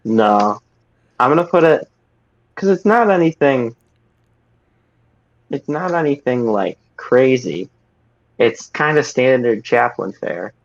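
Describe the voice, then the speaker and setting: A man's voice: medium pitch, lively intonation, slow pace, long pauses. A man co-hosting a podcast over a call, with laid-back, dry teasing. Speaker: podcast co-host. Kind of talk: casual chat over a call. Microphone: remote call mic. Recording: dull lo-fi call audio.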